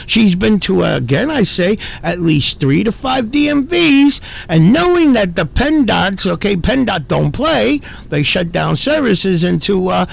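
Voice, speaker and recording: Man, gravelly voice, higher pitch, indignant profane commentary rant. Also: very animated, unhurried, hardly any pauses. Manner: indignant, profane, repeats himself. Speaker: commentary channel host. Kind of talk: ranting commentary.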